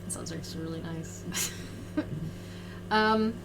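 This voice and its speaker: A woman's voice: low voice, slow, gravelly, heavy background noise. A woman running a tabletop game as game master, talking casually with many fillers. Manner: hesitant, filler-heavy.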